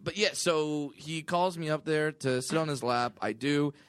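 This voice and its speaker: A man's voice: on the high side, measured pace, a bit bright, smooth, no echo, studio quality. Man telling a story on a podcast. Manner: anecdotal storytelling, frequent laughter. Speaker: comedian and podcast host. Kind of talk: casual podcast chat.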